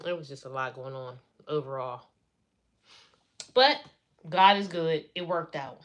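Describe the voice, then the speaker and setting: A woman's voice: deep voice, unhurried, fairly bright tone, highs cut off. A middle-aged woman chatting on a live stream, venting as she retells family drama in a casual way.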